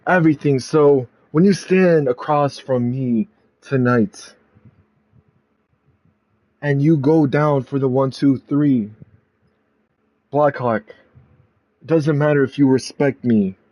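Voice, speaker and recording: A man voicing an arrogant veteran male wrestler who boasts in a measured, deliberate way with a mellow voice. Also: on the high side, no room sound.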